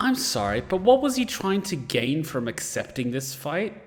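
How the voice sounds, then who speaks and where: A man hosting a casual anime reaction, exasperated and quick to swear. His pitch swings widely as he fires off rhetorical questions, and his voice rings with a long reverb. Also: big pitch swings.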